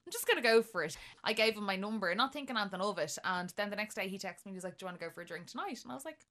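A young Irish woman co-hosting a podcast, telling a dating story in a casual, animated way and laughing often. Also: medium pitch, racing. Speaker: podcast co-host.

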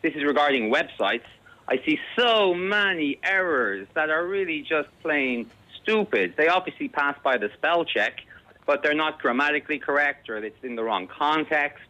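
A man's voice: a little high, expressive, normal speed, bright, forceful tone, low-quality recording. An Irish man in his forties calling in to a radio chat, talking in a precise, particular way about how words should be said. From Ireland. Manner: precise, fussy about pronunciation. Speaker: caller. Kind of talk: casual chat. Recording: radio call.

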